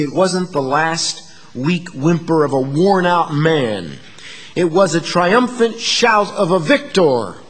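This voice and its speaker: A man preaching a sermon to his congregation, moving between hushed asides and emphatic, rising declarations. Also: fairly high pitch, breathy edge, in a large hall. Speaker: pastor.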